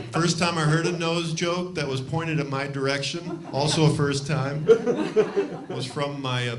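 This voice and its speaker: A man from Ohio doing a loose, self-deprecating stand-up routine on a comedy club stage. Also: a little high. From Cleveland, Ohio.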